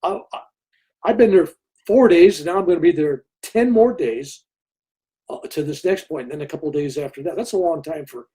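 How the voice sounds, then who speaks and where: Brief: older male guest, husky and warm, a lively storyteller who slips into others' voices. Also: on the high side, fairly quick. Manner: animated storyteller who acts out other people's lines. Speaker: interview guest. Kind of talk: storytelling in conversation.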